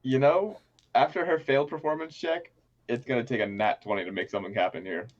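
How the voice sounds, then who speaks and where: A man narrating as game master of a tabletop game, often pausing with ums and uhs. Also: mid-range voice, dull audio. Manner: hesitant, many ums and uhs.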